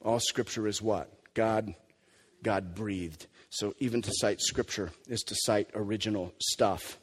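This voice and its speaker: A man preaching a sermon as pastor, emphatic and animated, sometimes dropping to a quiet, low delivery. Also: unhurried, slightly rough. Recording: long hall reverb.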